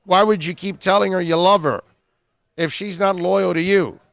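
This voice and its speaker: A man's voice: high-pitched, steady tone, normal speed, creaky, fairly bright tone, no echo. A man hosting a sports talk radio show, bluntly scolding listeners with repeated rhetorical questions.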